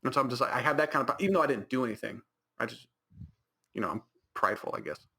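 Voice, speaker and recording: A man's voice: mid-range voice, animated, quick pace, gravelly, sharp tone. A man with an American accent co-hosting a casual podcast, rambling with many fillers and restarts. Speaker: podcast co-host. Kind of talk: casual chat.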